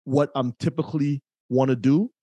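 A man's voice: mid-range voice, fairly even intonation, normal speed, dark tone, slightly rough, no room sound. A man hosting a podcast who reflects on and sums up his guest's points in a casual, thoughtful way.

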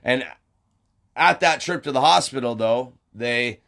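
A man's voice: medium pitch, a little slow, gravelly, a bit bright. A young man chatting casually on a podcast, rambling with lots of fillers, restarts and swearing. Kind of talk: casual storytelling chat.

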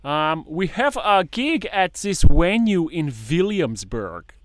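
A man's voice: big pitch swings, slow pace, no echo, full character voice. A man putting on a German accent to play a cheerful male drum teacher coaching a student. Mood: encouraging. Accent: put-on German. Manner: upbeat coaching, higher voice.

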